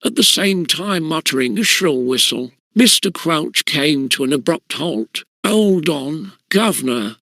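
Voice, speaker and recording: A man narrating an audiobook in measured, steady storytelling. His voice is bright and slightly high, with a gravelly fry at phrase ends, close and dry. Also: no room sound. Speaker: audiobook reader.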